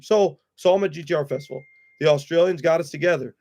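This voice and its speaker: A man's voice: fairly high pitch, fast, a little mellow. Blunt, profane man ranting on stream. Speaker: livestream host. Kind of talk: heated livestream chat.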